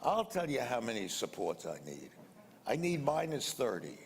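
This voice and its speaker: A man's voice: mid-range voice, wildly swooping pitch, normal speed, gravelly. An older man being interviewed, telling a rambling story in colloquial speech that repeats sound words. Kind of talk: anecdotal storytelling. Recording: reverberant room with faint noise.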